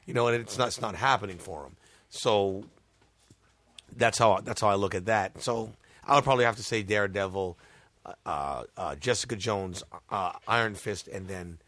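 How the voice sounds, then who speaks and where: A man's voice: fairly low pitch, normal speed, a bit bright, no echo. A man in casual chat, laid-back and joking, hesitating with fillers as he weighs his answer.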